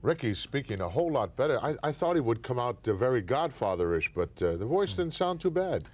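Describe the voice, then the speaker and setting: A man's voice: mid-range voice, very animated, brisk. Earnest guy hosting wrestling tv, mid voice, stumbles a bit. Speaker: wrestling TV host. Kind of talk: broadcast commentary.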